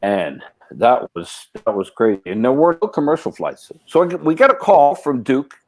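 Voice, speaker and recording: A man's voice: mid-range voice, big pitch swings, moderate pace, no echo. A middle-aged man tells a long story in a casual, rambling way. He keeps restarting his sentences and fills the gaps as he goes. His voice sits in an ordinary middle register and sounds dry and close, with no room around it. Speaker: guest actor. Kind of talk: casual anecdote telling.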